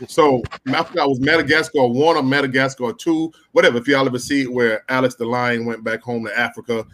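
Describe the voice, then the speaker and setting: A man's voice: medium pitch, fairly even intonation, fast, a bit bright. Emotional storytelling man, slangy. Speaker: podcast co-host. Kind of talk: casual chat among friends.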